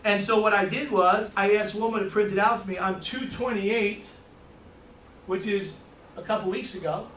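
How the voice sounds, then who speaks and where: A man giving an animated training talk to a room, storytelling and repeating his words. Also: high-pitched, moderate pace, a little hiss or hum. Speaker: financial services trainer. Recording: echoey room from far off.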